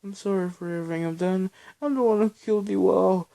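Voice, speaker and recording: A man's voice: sits high, fast talker, creaky, warm tone, pitched above the performer's own voice. A man voicing a terrified young woman in a spoken story, stammering and screaming hysterically.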